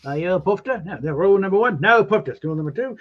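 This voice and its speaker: A man's voice: sits high, animated, quick pace. A man co-hosting a livestream in casual chat, chuckling and making dry asides. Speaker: podcast co-host. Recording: dull lo-fi mic.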